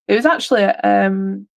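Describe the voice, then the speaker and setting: An English woman in her thirties chats casually on a live stream. She rambles, restarts sentences and fills pauses with ums. Her voice sits at a middle pitch and sounds dry and close. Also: gravelly, dry recording, highs cut off. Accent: English, mixed regional. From England.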